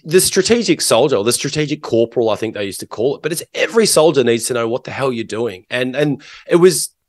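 A man's voice: mid-range voice, lively intonation, fast, dry recording, studio quality. An Australian man in middle age, a podcast guest telling long stories in a rambling way, full of restarts and fillers. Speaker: interview guest. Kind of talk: casual interview talk.

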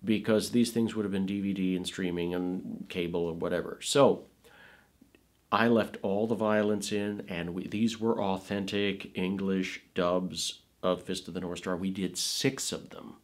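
A man's voice: low voice, fairly even intonation, measured pace. A middle-aged man, a film producer and voice actor, telling stories about his career in an interview, rambling with many asides and restarts. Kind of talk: conversational interview storytelling.

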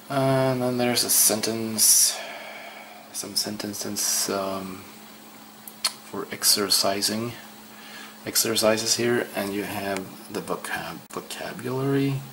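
Slow, low-voiced man. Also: creaky, noisy background. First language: Swedish. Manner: hesitant, repeats words aloud slowly. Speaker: language learner. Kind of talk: casual self-study walkthrough.

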